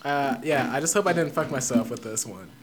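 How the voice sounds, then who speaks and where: A man's voice: medium pitch, a crowd in the background. A young man co-hosting a podcast, chatty and joking, with lots of slang and filler. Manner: jokey and chatty, quick to laugh. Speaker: podcast co-host. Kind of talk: casual chat.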